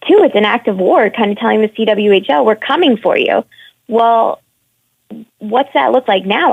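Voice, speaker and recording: A woman phones in to give her views on women's hockey, frank and clearly fed up. Her voice has a gravelly, creaky edge, and it comes through a thin, tinny phone line. The sound is dry and close, with no room around it. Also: mid-range voice, no room sound. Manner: frank, frustrated and opinionated. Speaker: caller, women's hockey reporter. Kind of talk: phone-in discussion.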